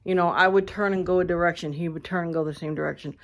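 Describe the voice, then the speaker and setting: A woman ranting casually to her viewers, blunt and animated, swearing freely, recorded on a phone indoors at a friend's house. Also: fairly low pitch, fast talker. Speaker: vlogger.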